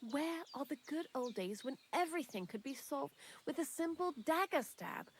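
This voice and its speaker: A woman's voice: high voice, expressive, moderate pace, a little hiss or hum. A woman voicing a talkative young woman hiding out in a thieves' lair in a video game, candid and dryly morbid. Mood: chatty. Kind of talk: game character dialogue.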